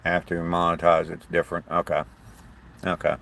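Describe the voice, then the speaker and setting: A man's voice: sits low, monotone, a little fast, creaky, fairly bright tone. An older man from southern Ohio with a slight southern twang, chatting casually and rambling on a live stream as host, greeting viewers by name. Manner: chatty, rambling, friendly to chat. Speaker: livestream host.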